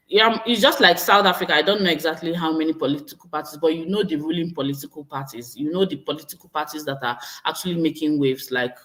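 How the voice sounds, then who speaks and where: A woman's voice: low voice, fairly bright tone. A woman with a Nigerian accent hosts her own livestream, talking casually and energetically to her viewers. She exclaims often and answers comments as she reads them. She sounds like she is in her thirties. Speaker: vlogger hosting a livestream.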